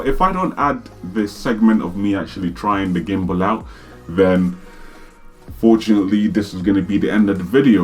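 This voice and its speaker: A young man, chatting excitedly and slangily through a casual unboxing vlog in his home studio. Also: fairly low pitch. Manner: excitable, slangy, exclaims often. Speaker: vlogger.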